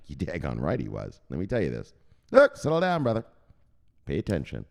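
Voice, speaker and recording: A man's voice: very deep voice, big pitch swings, moderate pace, gravelly, darkish tone. A man hosting a crypto news channel, telling a profane comic tall tale in a conspiratorial tone. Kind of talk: casual comic storytelling.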